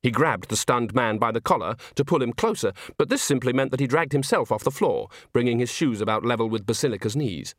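Expressive man narrating a story. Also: medium pitch, fairly quick, hardly any pauses, no room sound, clean studio sound. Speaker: audiobook narrator. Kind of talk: audiobook narration.

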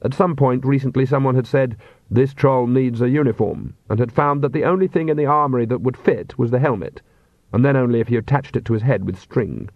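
A man reads a comic fantasy story in a measured, dry manner. His voice is of middling pitch. The recording is dry and somewhat dull. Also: no room sound. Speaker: audiobook narrator. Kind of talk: scripted narration.

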